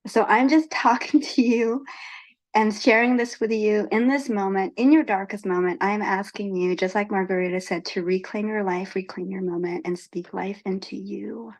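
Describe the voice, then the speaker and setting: A woman tells a personal spiritual testimony in a halting, earnest way, often restarting her sentences. Her voice sits at an ordinary middle pitch for a woman. She is heard over a video call. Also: steady tone. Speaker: retreat guest speaker.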